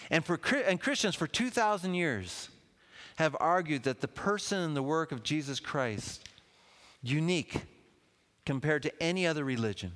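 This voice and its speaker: A man preaching a sermon in a lively, conversational way, with asides to the congregation. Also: on the high side, normal speed. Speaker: pastor. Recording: long hall reverb.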